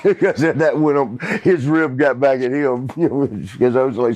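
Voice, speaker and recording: A man's voice: mid-range voice, moderate pace, a little mellow, highs cut off. A man telling an anecdote as an interview guest, laughing often as he goes. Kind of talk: casual storytelling.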